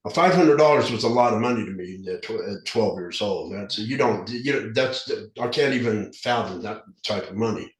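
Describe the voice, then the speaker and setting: A man's voice: lowish voice, moderate pace, hardly any pauses. Lisping man telling his story, echoey room. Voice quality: slight lisp from dentures. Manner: earnest, rambling, frequent restarts. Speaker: podcast guest, recovery specialist. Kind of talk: candid storytelling in an interview. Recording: roomy echo.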